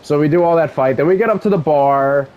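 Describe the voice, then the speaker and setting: A young man recapping a video game story while playing, rambling with excitable, profane asides. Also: fairly high pitch, quick pace, narrow, tinny audio. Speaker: let's play gamer.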